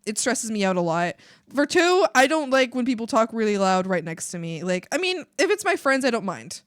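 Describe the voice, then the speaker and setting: High-voiced woman ranting with bursts of laughter. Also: fairly quick, no echo, clean studio sound. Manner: animated, swears a lot, laughs and shouts in bursts. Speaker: streamer. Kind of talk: casual rant while drawing on stream.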